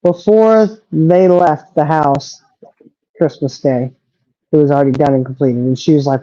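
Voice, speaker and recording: A woman's voice: low-pitched, normal speed, mellow, dry recording, dull audio. A middle-aged woman chatting casually as a livestream co-host, rambling and trailing off as she talks. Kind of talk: casual chat.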